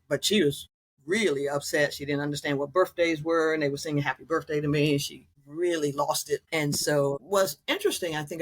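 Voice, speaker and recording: A woman in her sixties, a guest on an interview show, telling caregiving stories in a lively way, acting out other people's voices and laughing often. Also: sits low. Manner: animated storyteller who acts out quoted voices and laughs often. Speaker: guest, author and former caregiver. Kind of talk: storytelling interview.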